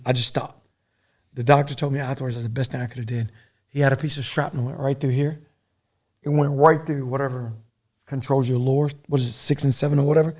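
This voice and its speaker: On a podcast, a middle-aged guest with a medium-pitched voice shares a story from his time as a soldier at war. He rambles, gets animated, and swears throughout.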